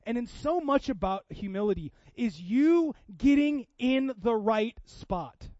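Preaching in a conversational, personal way, this high-voiced man from Seattle sounds animated and speaks a little slowly. He frequently restarts, alternating loud emphasis with soft asides. The audio is dry, somewhat dull, lo-fi, and free of room sound.

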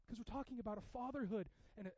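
A man with a high voice preaches with passion, his delivery swinging from hushed, intimate stretches to loud, urgent ones. The sound is dry and close, with a slightly dull, muffled tone. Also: racing, dry recording. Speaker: pastor. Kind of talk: sermon.

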